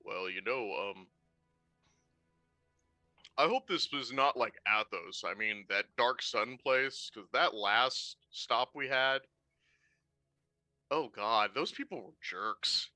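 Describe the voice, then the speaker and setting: A man's voice: medium pitch, slow, long pauses, sharp tone, no echo, soft background music. A man voicing a large, kindly male bugbear in overalls who grumbles mildly about rude people. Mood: grumbling. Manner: mild, weary grumbling.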